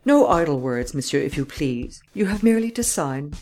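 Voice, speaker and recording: A man reading an audiobook, voicing a calm, commanding gentleman adventurer who talks with a mocking edge. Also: on the high side, moderate pace, soft background music.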